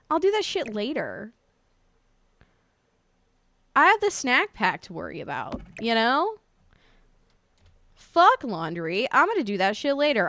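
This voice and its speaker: Bright, lively-voiced woman streamer. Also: on the high side, no room sound, clean studio sound. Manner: chatty, playful and profane. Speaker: live streamer. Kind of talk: casual chat with stream viewers.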